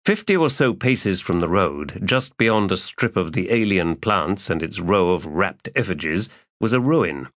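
Deep-voiced man narrating a story. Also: animated, a little slow, fairly bright tone, dry recording, clean studio sound. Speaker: audiobook narrator. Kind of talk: scripted narration.

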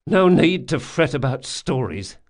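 A sardonic young con man, raised in pitch and a little louder than the reader's own voice, as a male narrator plays him. He grumbles and complains with dry wit. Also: big pitch swings, a little slow.

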